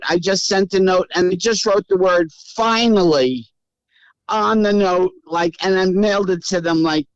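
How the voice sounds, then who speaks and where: A woman's voice: fairly low pitch, dry recording, highs cut off. A woman in her eighties with a Brooklyn accent, speaking as a guest in a casual interview from her house. She talks in a brassy, wisecracking, blunt way. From Brooklyn, New York. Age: 80s. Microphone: remote call.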